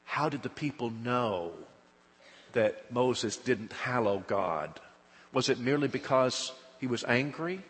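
Preacher with long hall reverb. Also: male voice, mid-range voice, animated, slow pace. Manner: dramatic retelling, acts out quoted speech with rising loudness. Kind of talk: sermon.

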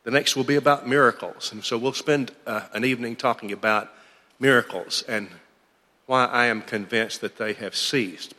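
A man's voice: mid-range voice, pushed and bright, long reverb tail. A man teaching a church Bible class in a conversational, thinking-aloud way.

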